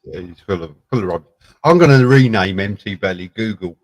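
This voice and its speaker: A man's voice: on the low side, animated, fairly quick, no room sound, low-quality recording. A man in a casual late-night live chat with friends, talking in blunt, sweary banter.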